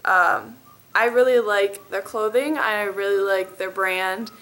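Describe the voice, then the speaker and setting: A woman's voice: mid-range voice, steady tone, takes it slowly, fairly bright tone, echoey room. A woman in her twenties chatting casually for her vlog, upbeat and rambling, with a groggy morning voice, in an empty room with a bare floor. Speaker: fitness vlogger.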